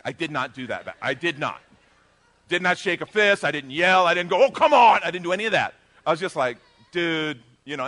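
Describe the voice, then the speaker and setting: A middle-aged man preaching a sermon in a bright, forceful voice. He talks in a relaxed, chatty way with jokey asides, then swells loud to drive points home. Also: mid-range voice. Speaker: pastor.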